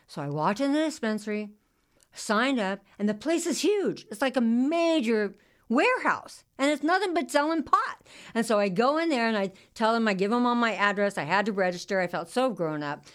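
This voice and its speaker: An older woman telling a personal story in a halting, confessional way, with many restarts and repeats. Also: fairly high pitch, expressive.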